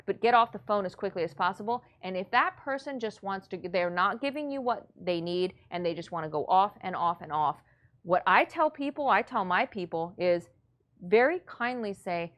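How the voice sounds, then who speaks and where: A woman's voice: on the low side, fairly quick. A woman teaching real estate investors in a blunt, matter-of-fact, motivational way. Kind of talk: coaching lesson.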